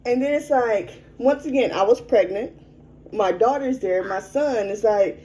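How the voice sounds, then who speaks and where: A woman's voice: a little high, warm tone, a little hiss or hum, poor audio. A young adult woman telling a personal story frankly as an interview guest, in a conversational way. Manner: frank, conversational, quick to vent.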